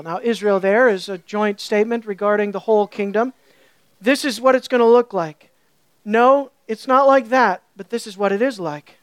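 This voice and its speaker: A woman teaching a sermon, animated and full of rhetorical questions to her listeners. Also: medium pitch, normal speed, no echo. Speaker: Bible teacher.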